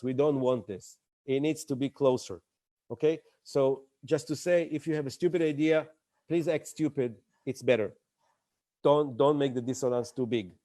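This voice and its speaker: A man running a presentation training session, animated and acting out the audience's reactions as he teaches. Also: fairly high pitch. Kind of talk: live online training talk.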